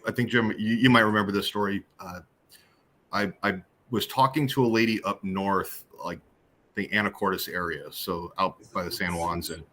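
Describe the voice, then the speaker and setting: A man with a low, bright and forceful voice tells stories in a loose, casual way. He is animated and jokey and stumbles over his words as he goes. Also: slight background noise. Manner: animated, jokey, many restarts. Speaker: guest on hypnosis show. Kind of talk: casual storytelling.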